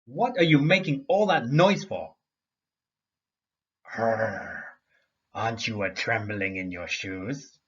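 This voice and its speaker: A man's voice: on the low side, takes it slowly, pauses often, a bit bright, breathy edge, lo-fi sound, exaggerated voice. A man voicing a snarling male mountain lynx in a read-aloud storybook, with a growling delivery.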